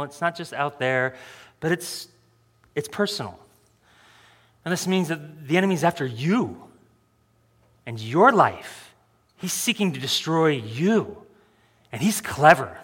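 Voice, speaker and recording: A man's voice: fairly high pitch, a bit bright, slightly rough, long reverb tail. A male pastor preaching a sermon in a joking, self-deprecating way, often laughing at his own remarks.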